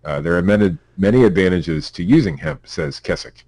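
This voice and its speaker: A man with a very low voice and a Pennsylvania accent reads news stories aloud on a casual podcast. He trips over words, laughs and drops wry asides as he goes. The sound is dry and close, with no room around it. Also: expressive, a little fast, creaky, darkish tone, dry recording. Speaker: podcast co-host reading news.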